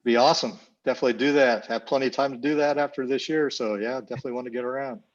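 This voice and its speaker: A man joining a casual podcast chat and talking fast and upbeat. His line sounds muffled and lo-fi. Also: mid-range voice, fairly even intonation.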